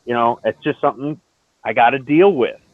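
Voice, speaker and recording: A man in casual chat who talks things through calmly and gives advice. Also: medium pitch, brisk, dry recording. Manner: calm, reasoning, advice-giving tone. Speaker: stream host. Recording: tinny phone-like line, dry.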